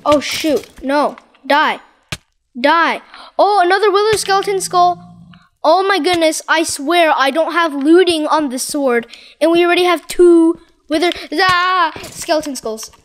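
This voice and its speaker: A woman giving excitable, dramatic commentary over her Minecraft gameplay, exclaiming and repeating herself. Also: extremely high pitch, measured pace, a little hiss or hum. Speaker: gaming channel host.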